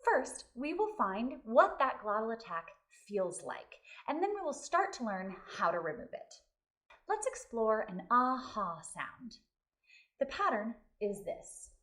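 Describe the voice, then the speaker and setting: A woman voice teacher giving a vocal lesson, explaining clearly and singing short demonstrations. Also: a little high, big pitch swings, unhurried, pushed and bright, far from the mic.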